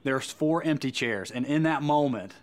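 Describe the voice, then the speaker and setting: A man's voice: medium pitch, animated, moderate pace. A man delivering a sermon as a Christian speaker, earnest and emphatic, often repeating words as he goes.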